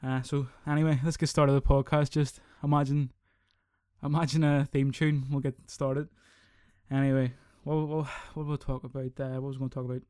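Sweary podcast host. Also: male voice, medium pitch, moderate pace, clean tone, dry recording, clean studio sound. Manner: sweary, rambling, animated. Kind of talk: casual solo podcast rant.

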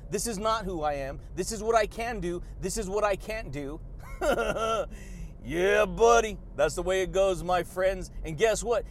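A man's voice: sits high, a little hiss or hum. A man hosting a motivational podcast monologue, hyped and chatty, who laughs often and keeps calling his listeners buddy and baby. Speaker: podcast host.

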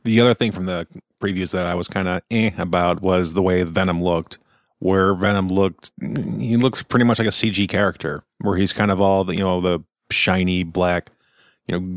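Male podcast host, lower register, enthusiastic and conversational review delivery. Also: steady tone, normal speed, dry recording, clean studio sound. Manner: chatty, enthusiastic, opinionated. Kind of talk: casual film review.

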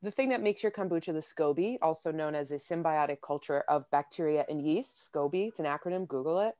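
A woman co-hosting a comedy podcast, trading jokes in a playful, goofy way. Her voice sits on the low side. The recording is completely dry, with no room sound around her. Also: a little fast, dry recording. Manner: playful and goofy, bursts into loud bits. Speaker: podcast co-host. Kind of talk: casual comedy podcast chat.

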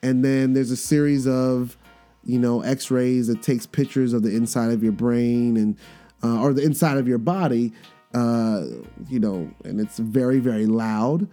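Podcast host, man, 30s, mid-pitched and mellow, animated storyteller who acts out the quotes, soft guitar bed behind. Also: a little slow. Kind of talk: casual storytelling monologue. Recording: faint guitar music underneath.

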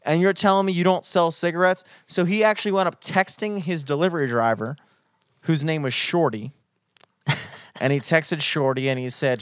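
A young man spins a story in a loose, profane chat, his voice pitched a touch high and full of mock outrage. The sound is close and dry, with no room around it. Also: normal speed, a bit bright, no echo.

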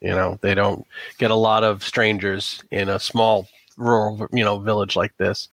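A man narrating a tabletop role-playing game as game master, talking in a halting way with many restarts and fillers. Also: fairly low pitch, flat delivery, fairly bright tone, no room sound.

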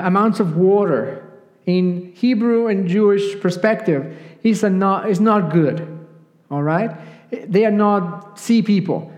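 A man preaching a sermon, telling a Bible story in a lively way and acting out the lines of the people in it. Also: high voice. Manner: animated storytelling, acting out the quotes he tells. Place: church sanctuary. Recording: long church hall reverb.

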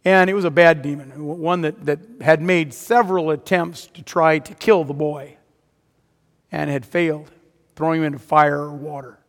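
A man's voice: on the high side, fairly even intonation, normal speed. A man preaching a sermon, retelling a story dramatically and rising to emphatic peaks. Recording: long hall reverb.

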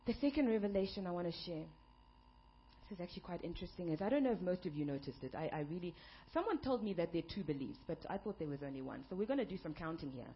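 A woman pastor delivering an emphatic sermon, building up to shouted peaks. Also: on the low side, expressive, quick pace, highs cut off, slight background noise.

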